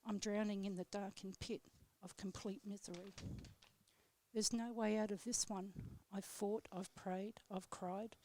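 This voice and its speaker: A woman on live radio reading her own poem aloud in a steady, measured way, then chatting with the host. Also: medium pitch, a little hiss or hum. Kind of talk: poetry reading, then casual chat. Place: radio studio.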